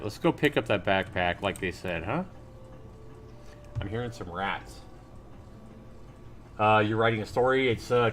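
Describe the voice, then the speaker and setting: A man with a fairly low voice, commentating on a game he is playing live. He reads the on-screen text aloud and throws in casual exclamations and remarks to his viewers. A faint hiss of background noise sits under his voice. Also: a bit bright.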